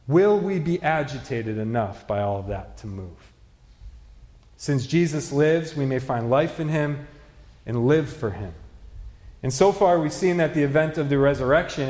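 A man's voice: fairly high pitch, darkish tone. A man preaching a sermon as a pastor, earnest, building to emphatic questions. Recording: echoey hall, reverberant.

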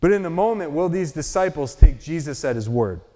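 A man delivers an expository sermon in an earnest, explanatory way, often stopping to pose rhetorical questions. His voice sits fairly high for a man. It carries the long reverb of a large hall. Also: expressive, fairly quick, dark tone. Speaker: preacher.

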